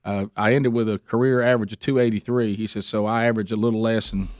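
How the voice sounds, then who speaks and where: A man's voice: fairly low pitch, fairly even intonation, fast talker, darkish tone, dry recording, studio quality. Chuckling man telling stories. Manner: rambling, chuckling anecdotes with quoted voices. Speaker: radio show host. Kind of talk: casual storytelling chat.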